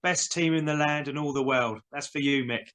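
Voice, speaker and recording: Easygoing male panelist, hesitant; bright and slightly high. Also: steady tone, normal speed. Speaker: panel member. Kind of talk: casual storytelling.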